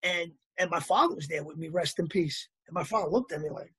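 Male interview guest, husky and lively, telling anecdotes in a dry, close recording. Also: fairly high pitch, fairly quick, dry recording. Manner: animated anecdotal storyteller, acts out quotes. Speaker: actor guest. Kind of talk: casual storytelling interview.

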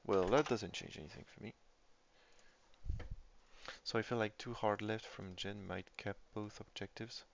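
Gravelly low-voiced man commentating. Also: steady tone, measured pace, pauses often, a little hiss or hum. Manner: thinks aloud, muses over the game state. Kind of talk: casual live-stream game commentary. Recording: dull lo-fi stream audio.

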